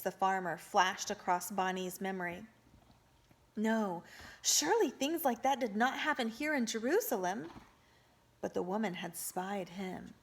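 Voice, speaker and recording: A woman reading a novel aloud as an audiobook, with expressive narration. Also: medium pitch, a little slow. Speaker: audiobook reader for a homeschool group.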